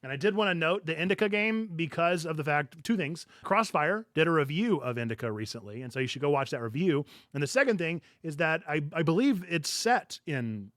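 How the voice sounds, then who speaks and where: Man, podcast host, animated and chatty, slightly high voice, laughs often. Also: a little fast, hardly any pauses, dry recording, clean studio sound. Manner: laughs through his words, animated and chatty. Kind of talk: casual news chat.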